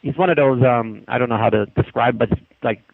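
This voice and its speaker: A man on a podcast telling a story in a casual, animated way, with frequent restarts, over a phone line. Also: medium pitch, a little fast, vocal fry, no echo. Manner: animated, acts out quoted voices, frequent restarts. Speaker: podcast guest. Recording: tinny dry phone line.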